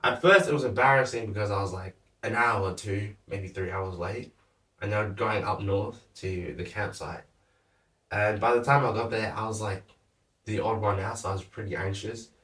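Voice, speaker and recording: A young man, a podcast guest, chatting casually with a relaxed, laughing manner and a lot of "like". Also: lowish voice, moderate pace. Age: young adult. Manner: laid-back, laughs often, lots of "like". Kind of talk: casual chat. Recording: echoey room, mic at a distance.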